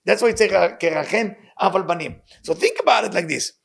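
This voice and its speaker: A man's voice: high voice, a little fast, gravelly, breathy edge. A man giving a sermon in English, earnest and emphatic, with phrases. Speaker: rabbi teaching.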